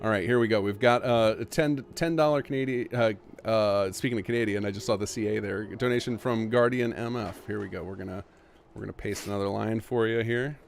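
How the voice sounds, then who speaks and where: Low-voiced male streamer host. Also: fairly even intonation, brisk, vocal fry. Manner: upbeat, reads donations aloud, laughs often. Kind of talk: casual livestream chat.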